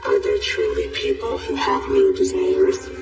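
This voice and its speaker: A creepy cold lab researcher in an anime dub, super high voice, distant, music under it. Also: wildly swooping pitch, measured pace, full character voice. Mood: clinical. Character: eerie researcher experimenting on samples. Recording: distant voice, echoey, music behind.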